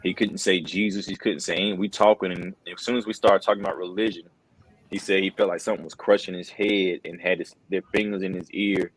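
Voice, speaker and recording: A middle-aged man speaks in a very low, deep voice, recounting a personal story with earnest conviction. His talk is loose and conversational, scattered with "bro" and "man." The sound is dry and close, like a podcast microphone. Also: flat delivery, quick pace, slightly rough, dry recording, poor audio. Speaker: wrestling commentator. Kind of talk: casual interview conversation.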